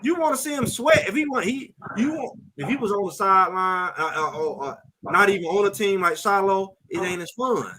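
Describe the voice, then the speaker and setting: Male sports show host: high, bright voice; animated, stammering repeats, acts out scenes. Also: brisk, low-quality recording. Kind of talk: casual sports talk show.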